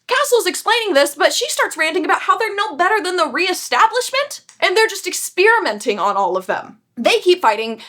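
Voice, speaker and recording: A young woman with a high voice recaps a book in loose, casual talk. She is sarcastic and makes offhand asides as she goes. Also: sharp tone. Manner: chatty, sarcastic, laughs often. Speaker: book vlogger.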